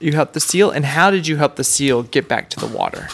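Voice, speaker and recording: A woman in her thirties hosts a casual family podcast, gently quizzing and praising her young son like a teacher. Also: sits low, lively intonation, brisk, creaky, a little hiss or hum. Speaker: podcast host and homeschooling mother.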